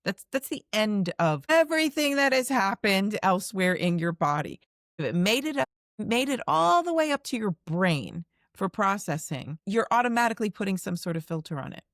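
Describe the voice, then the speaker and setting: A woman's voice: medium pitch, sing-song, moderate pace, a bit bright, no room sound, studio quality. A woman hosting an interview podcast, talking earnestly as a coach and giving advice straight to the listener. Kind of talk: conversational interview.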